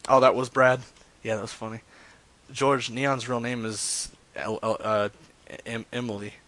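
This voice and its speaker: A man's voice: mid-range voice, level tone, a little slow, a bit bright, no room sound. A man streaming live, chatting loosely with his viewers between prank calls, with lots of fillers and jokes. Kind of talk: casual live-stream chat.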